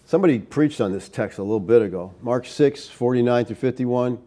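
A man's voice: mid-range voice, fairly quick, dark tone. A middle-aged man preaching a sermon, explaining a Bible passage verse by verse and checking in with his listeners as he goes. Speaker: pastor.

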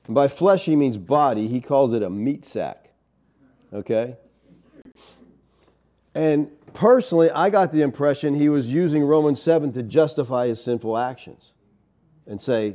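A man's voice: mid-range voice, warm tone. A man teaching a Bible study as a sermon, in a conversational way, often checking in with "okay?" and "you know".

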